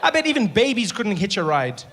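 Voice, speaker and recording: A middle-aged South African-accented man performing stand-up, his voice pitched high for a man. He talks in animated bursts, repeats punchlines, and jumps into voices and sound effects, with a faint hum of noise behind him. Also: fairly quick, crowd noise. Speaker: stand-up comedian. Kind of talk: stand-up comedy.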